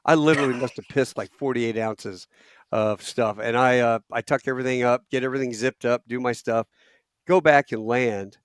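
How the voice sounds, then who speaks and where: A middle-aged man telling a long anecdote on a podcast, animated and acting out quotes. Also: medium pitch, moderate pace, clear, resonant tone, no room sound. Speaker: podcast guest. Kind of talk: casual storytelling.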